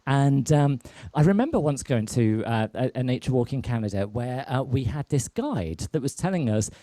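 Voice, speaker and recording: A man's voice: medium pitch, lively intonation, normal speed, mellow, no room sound. A man hosting a live online show as a drag queen, telling rambling, sweary comic stories into a mic on a stand and laughing at his own jokes. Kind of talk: casual comic storytelling. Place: home set during lockdown. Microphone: microphone on a stand.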